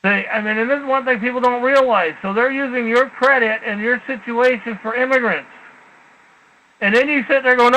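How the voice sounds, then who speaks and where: Man, high-pitched, bright edgy tone, blunt rambling talk-show host. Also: steady tone, moderate pace, rough recording. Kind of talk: casual radio talk.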